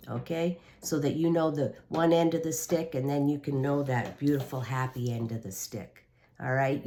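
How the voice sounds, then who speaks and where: A woman's voice: low-pitched, mellow, slight background noise. A woman hosting a tarot reading video, talking straight to the viewer in a reassuring way and often checking in with "okay". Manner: reassuring, repeats "okay" and the listener's sign. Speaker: tarot reader.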